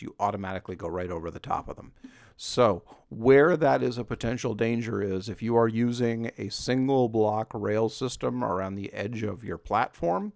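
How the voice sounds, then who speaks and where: Recorded dry with clean studio sound, a man with a mid-range voice and vocal fry rambles casually through gameplay as a let's play host. His voice is scratchy, and he pokes fun at himself with frequent chuckles.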